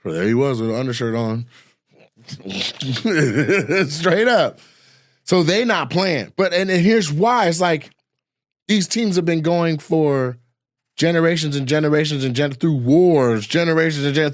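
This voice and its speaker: A man's voice: on the high side, measured pace, dry recording. Guy telling a wild travel story, acts out everybody's voices, dry close sound. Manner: animated, acts out voices of people in his stories. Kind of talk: casual storytelling chat.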